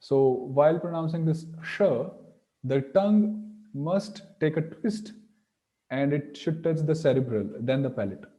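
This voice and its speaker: A man teaching a pronunciation lesson, slowly demonstrating sounds and repeating syllables. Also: on the high side, warm tone. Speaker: Sanskrit teacher.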